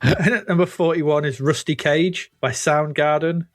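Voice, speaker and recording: A man's voice: a little high, unhurried, no room sound, soft background music. Man, podcast co-host, crude jokes and laughter, close dry sound. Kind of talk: casual chat.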